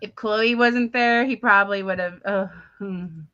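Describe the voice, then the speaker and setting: A young woman co-hosting a casual chat, telling animated stories with frequent laughs. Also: medium pitch, unhurried, dry recording, dull audio. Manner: animated storytelling, laughs often, acts out quotes. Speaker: podcast co-host.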